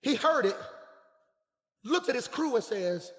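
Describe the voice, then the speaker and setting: A man preaching a sermon as pastor, swinging between shouted calls and quiet, hushed storytelling. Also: extremely high pitch, expressive, unhurried, long pauses, long reverb tail. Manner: preaching in Black church style, shouting and dropping to a hush.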